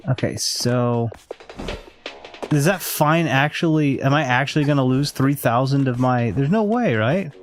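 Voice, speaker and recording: A man's voice: mid-range voice, lively intonation, unhurried. Chatty male let's-player, laughs easily, thinking aloud, with background music. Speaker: gameplay streamer. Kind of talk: casual let's-play commentary.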